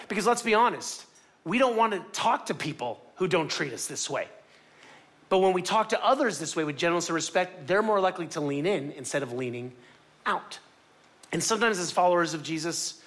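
Male pastor from Miami, high-pitched, animated storytelling sermon delivery.

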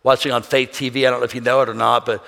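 A man preaching a sermon as pastor, swinging between quiet passages and shouted calls for praise. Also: medium pitch, level tone, rapid-fire, gravelly. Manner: preaching with shouted call-and-response bursts and acted quotes. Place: church sanctuary. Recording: reverberant hall with congregation.

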